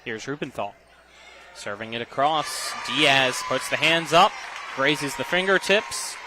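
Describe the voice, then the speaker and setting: A man calling live high school volleyball play-by-play, quick and getting excited on rallies. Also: crowd noise, background noise. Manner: rapid, gets loud and excited on long rallies. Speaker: play-by-play commentator.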